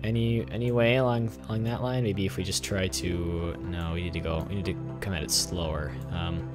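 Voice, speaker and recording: A young man talks through a game in loose, rambling let's play commentary, filling every pause with chatty asides. His voice sits fairly low. Game music runs clearly under his voice. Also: fairly even intonation. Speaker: gaming channel host.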